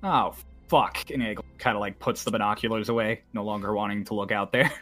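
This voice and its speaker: A man's voice: lowish voice, brisk, a bit bright, faint music behind. A man narrating a tabletop game as game master in a casual, loose way, often laughing.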